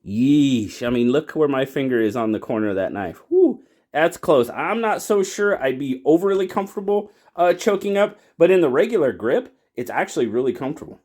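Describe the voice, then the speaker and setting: A man's voice: mid-range voice, expressive, a little fast, few pauses, a little mellow. A man hosting his own channel, chatting enthusiastically through a casual product review and exclaiming over the details. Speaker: knife reviewer and channel host.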